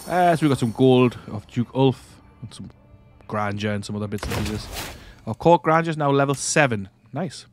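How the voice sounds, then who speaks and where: A man's voice: mid-range voice, expressive, moderate pace, faint music behind. A man hosting a let's-play, casually thinking aloud as he plays a strategy game, often trailing off and restarting. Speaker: gaming channel host.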